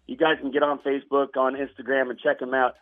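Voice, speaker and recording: Booming showman of a man on a dull phone line. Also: level tone, fast talker, faint music behind. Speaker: rodeo announcer guest. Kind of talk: phone interview.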